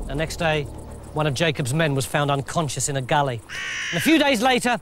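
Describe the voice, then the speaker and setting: A man's voice: fairly high pitch, sing-song, a little fast. A man telling a comic story in a playful, chatty way. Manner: playful and conversational. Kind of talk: comic scripted narration. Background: music.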